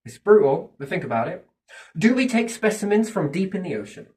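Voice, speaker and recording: Fairly quick and high-voiced, a man swears his way through a loose, speculative ramble, animated throughout, repeatedly asking himself things and then answering. The mic sits far from him.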